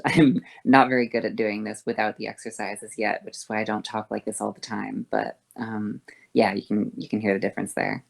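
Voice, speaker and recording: A woman voice teacher explaining vocal fold exercises, moving between a harsh, thick sound and a soft, thin one, over a voice call. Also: very deep voice, flat delivery, moderate pace. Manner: switches between harsh fry and soft breathy tones.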